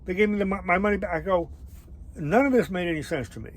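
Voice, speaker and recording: A man's voice: sits high, a little hiss or hum, poor audio. Rambling man telling a travel story. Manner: rambling, halting, many fillers and restarts. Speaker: travel vlogger. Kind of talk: casual storytelling.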